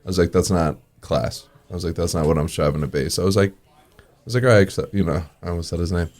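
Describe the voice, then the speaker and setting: A man's voice: deep voice, fairly even intonation, fast, a little mellow. A man, a restaurant owner telling casual stories in an interview, acting out the dialogue and chuckling often. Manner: acts out quoted dialogue in anecdotes, chuckles often.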